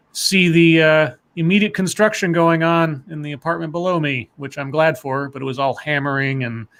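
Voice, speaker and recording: A man co-hosting a casual podcast chat, halting with fillers. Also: medium pitch, a bit bright. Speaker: co-host.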